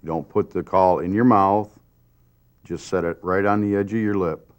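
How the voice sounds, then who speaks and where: A man demonstrating a hunting call and explaining it, halting and stumbling over his words. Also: deep voice, fairly even intonation. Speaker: call maker expert.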